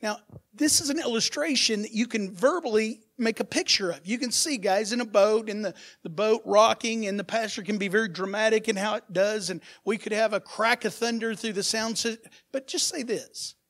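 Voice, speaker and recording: Animated male pastor preaching. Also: sits high, normal speed. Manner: animated preaching with rhetorical questions to the congregation; swings between soft asides and loud emphatic bursts. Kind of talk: sermon.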